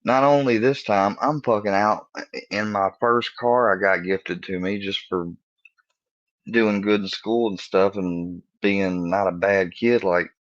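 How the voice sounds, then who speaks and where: A man in his thirties tells a rambling, profane story in a casual tone, often laughing and jumping higher to mimic his friends. His voice sits very low. The recording is dry and slightly dull. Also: steady tone, unhurried, dry recording. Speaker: podcast host.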